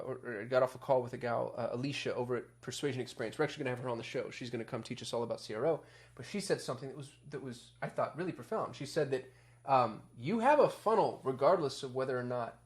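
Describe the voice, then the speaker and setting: A man hosting a casual marketing explainer, chatty, with many ums and restarts, getting fired up as he goes. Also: medium pitch. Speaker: marketing agency host.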